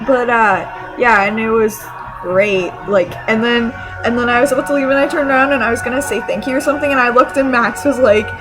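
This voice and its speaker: Excitable rambling woman vlogger, high voice. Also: brisk, music in the background, low-quality recording. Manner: excited, rambling, full of fillers and restarts. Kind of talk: casual storytelling to camera.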